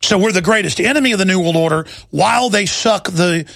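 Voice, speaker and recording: A man in his thirties hosting a talk radio show, delivering an impassioned rant into a studio microphone and breaking into shouting. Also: sits high, fairly quick, gravelly, dry recording. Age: 30s. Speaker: radio host.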